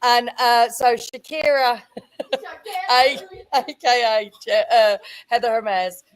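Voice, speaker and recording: A woman from Canada, the guest in a casual chat, talking in an excitable, rambling way with many fillers. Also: on the high side, takes it slowly. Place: livestream.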